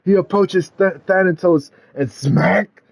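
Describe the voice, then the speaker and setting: A man narrates a wrestling video game storyline in a dramatic play-by-play style. His voice sits a little high, and he pushes it toward loud, excited peaks at the big moments. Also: a little slow, creaky. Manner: excitable, builds to loud climaxes.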